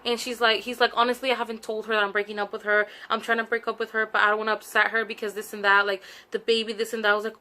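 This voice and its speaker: A young woman with a fairly high, bright and forceful voice chats to her viewers in a casual story-time vlog. She addresses them directly and fills her talk with fillers and asides to the audience.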